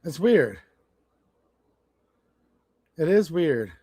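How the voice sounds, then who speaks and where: A man's voice: a little high, sing-song, very slow, mellow, slightly rough, no echo, clean studio sound. A man from Michigan with a Michigan accent, hosting a casual livestream rant, blunt and swearing as he tells stories. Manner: blunt, swearing, storytelling with quoted exchanges. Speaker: channel host.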